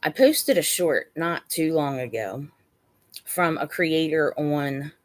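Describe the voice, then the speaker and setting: A woman's voice: low voice, lively intonation, slow. A woman hosting a casual live chat from her bed at home, emotional and close to tears. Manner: talks to her pets mid-stream. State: dry mouth. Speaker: channel host.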